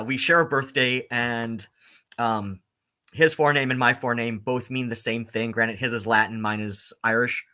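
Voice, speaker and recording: A man streaming rambling, sarcastic commentary, halting on constant ums and likes. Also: mid-range voice, sharp tone. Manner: filler-heavy, halting, with many ums and likes; sarcastic and exasperated.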